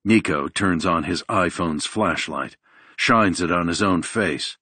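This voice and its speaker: A man reading a thriller audiobook in a measured, even delivery. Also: low-pitched, husky, no room sound. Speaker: audiobook narrator. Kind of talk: scripted audiobook narration.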